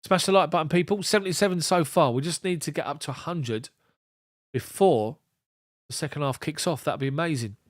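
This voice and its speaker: In a brisk, fairly high voice with a dry, studio-quality sound, a man gives casual live football commentary as a fan. He chats and rambles with his viewers, addressing them by name and reading out their messages.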